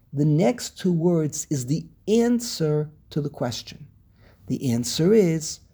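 A man teaching a text class over a video call, weaving Hebrew terms into English, pausing and repeating words as he searches, and posing questions he then answers. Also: fairly high pitch, vocal fry, warm tone, husky. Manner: asks and answers his own questions. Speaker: Torah teacher.

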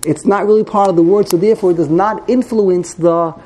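A man's voice: high-pitched, steady tone, a little fast, dark tone. A man teaching a text study class, explaining grammar as he thinks aloud, repeating and correcting himself.

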